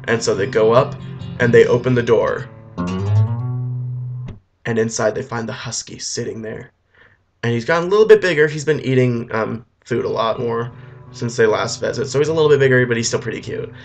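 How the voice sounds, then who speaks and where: A man retelling a film as a rambling comedy story, full of deadpan asides and fillers. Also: mid-range voice, a little fast. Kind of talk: comic retelling over music. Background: faint guitar music.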